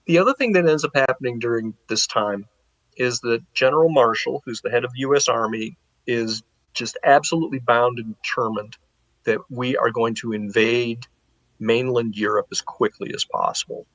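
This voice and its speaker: A man's voice: mid-range voice, normal speed, dry recording, low-quality recording. Man telling history with dry delivery. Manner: animated, acts out historical figures in paraphrase. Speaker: guest historian. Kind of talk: casual spoken history storytelling.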